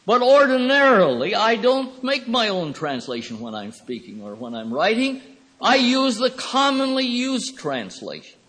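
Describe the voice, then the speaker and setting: Husky, high-voiced man lecturing in a hall. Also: sing-song, a bit bright. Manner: rambling, thoughtful, with many pauses and fillers. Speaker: Bible teacher. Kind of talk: classroom lecture. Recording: reverberant hall recording.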